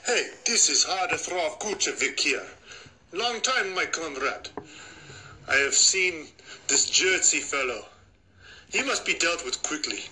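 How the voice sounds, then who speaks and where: A man voicing a gruff male Russian agent with a mock Russian accent, speaking low and stern. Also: expressive, measured pace, bright, forceful tone, a little hiss or hum, heavily acted, low-quality recording. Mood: menacing.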